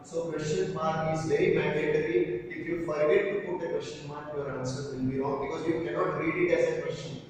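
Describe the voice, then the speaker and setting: A male school teacher with an Indian English accent, explaining a grammar lesson step by step and repeating examples slowly. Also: on the high side, steady tone, a little hiss or hum. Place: classroom. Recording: echoey room, voice from far off.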